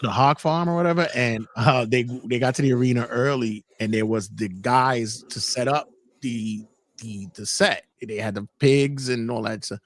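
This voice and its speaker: A man hosting a casual podcast chat, telling anecdotes in an animated way. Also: mid-range voice, normal speed. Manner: animated storyteller, laughs while telling. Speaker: podcast host.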